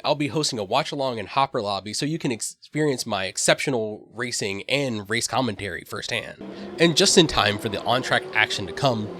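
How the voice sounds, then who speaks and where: A man's voice: mid-range voice, noisy background. A man hosting a weekly gaming recap, reading a scripted voice-over in a dry, matter-of-fact way with the odd wry aside. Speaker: gaming channel host.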